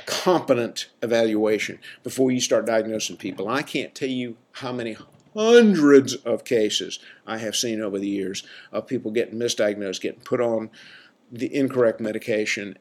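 A man's voice: fairly low pitch, normal speed. A man who works in mental health, giving a casual, emphatic talk to his listeners, full of "right?" asides and mocking quoted voices. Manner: conversational, many fillers and "right?" asides. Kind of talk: casual lecture to an audience.

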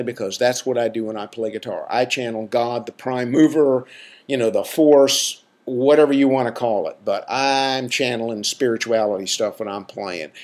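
A middle-aged man talks straight to his listeners in a podcast monologue. His delivery is folksy and emphatic, with a preachy edge. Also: medium pitch. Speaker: podcast host. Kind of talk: casual monologue.

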